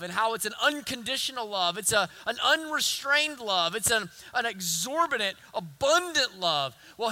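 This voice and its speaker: A man's voice: high voice, pushed and bright. A man with a Southern accent preaching an earnest sermon, building to emphatic repetition. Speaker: pastor.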